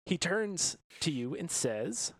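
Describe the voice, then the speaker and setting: A man's voice: on the high side, big pitch swings, slow, a crowd in the background. A man running a tabletop game as game master, explaining rules and describing rooms in an upbeat way, laughing between descriptions. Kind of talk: narrating a tabletop game on a podcast.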